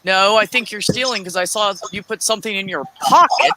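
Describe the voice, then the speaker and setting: A woman co-hosting a casual livestream, telling profane, animated anecdotes and acting out the quotes. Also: medium pitch, brisk, slight background noise, rough recording. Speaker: livestream co-host, store worker. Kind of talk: casual chat storytelling.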